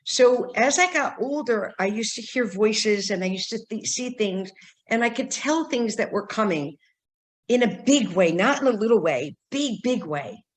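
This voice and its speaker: An older woman from San Diego, a psychic medium telling her life story in an interview, animated and acting out the voices she quotes. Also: a little high, moderate pace. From San Diego, California.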